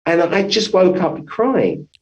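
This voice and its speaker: A man who works as a family physician speaks as an interview guest. His voice sits a touch higher than most men's. He rambles through a long personal story, restarting sentences and correcting himself as he goes. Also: huge pitch swings, takes it slowly, lo-fi sound.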